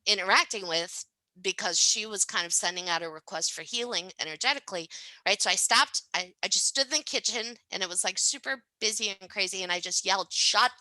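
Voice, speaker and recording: A woman's voice: mid-range voice, a little fast, sharp tone, dry recording, low-quality recording. A woman speaking as a podcast guest, telling stories casually and animatedly, often tagging sentences with "right?" and laughing. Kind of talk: casual conversational storytelling.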